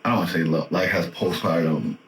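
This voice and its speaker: A man co-hosting a podcast in casual chat, relaxed and supportive. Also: deep voice, fairly quick, reverberant, a little hiss or hum. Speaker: podcast co-host.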